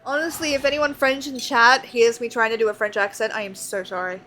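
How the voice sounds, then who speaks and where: Playful woman streamer, high voice. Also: steady tone, fairly quick, sharp tone, soft background music. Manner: playful, self-deprecating. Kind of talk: casual gaming commentary.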